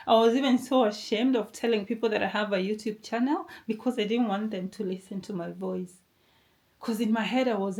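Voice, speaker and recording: A woman's voice: medium pitch, darkish tone. A woman vlogger giving an earnest motivational talk to camera, encouraging the viewer and asking them questions.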